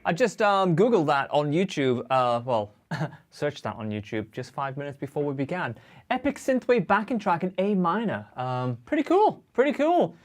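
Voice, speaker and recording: A man's voice: fairly high pitch, very animated, normal speed. A young man hosting a guitar livestream, chatting casually and cheerfully with viewers and reading out their comments. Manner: chatty and upbeat, greets viewers and reads chat aloud. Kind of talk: casual live-stream chat.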